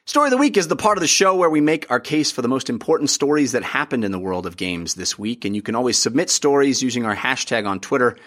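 A man hosting a podcast, upbeat and excitable, chatting casually about games with plenty of fillers. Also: medium pitch, fast, few pauses. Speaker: podcast host. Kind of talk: casual chat.

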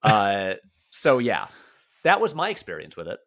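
A man's voice: on the low side, huge pitch swings, measured pace, a bit bright. A man guesting on a film podcast, telling a story in a hesitant, rambling, self-amused way. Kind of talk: casual anecdote.

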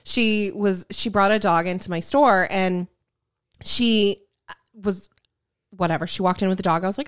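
A woman's voice: medium pitch, normal speed. A woman co-hosting a podcast, ranting bluntly and swearing freely, acting out quoted people in her stories. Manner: acts out quotes in shifting voices. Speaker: podcast co-host. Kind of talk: casual chat.

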